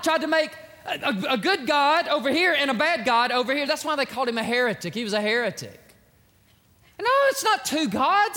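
A man preaching a sermon, swinging from hushed prayer to shouted emphasis. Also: very high-pitched. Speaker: pastor. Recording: echoey hall with long reverb.

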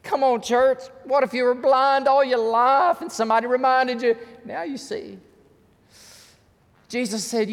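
High-voiced preacher in a reverberant church. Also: male voice, unhurried. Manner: fervent preaching that repeats words and builds to shouts. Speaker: pastor. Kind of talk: sermon. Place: church sanctuary. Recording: long reverb of a church hall.

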